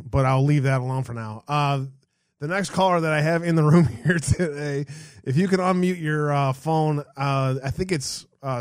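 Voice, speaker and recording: A man's voice: mid-range voice, no room sound, studio quality. A man hosting a call-in show in loose, profane casual chat, laughing often.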